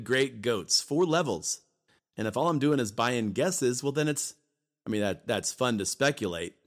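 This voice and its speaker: A man co-hosting a podcast, talking casually and emphatically, often repeating himself and briefly acting out voices. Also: on the low side. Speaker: podcast co-host.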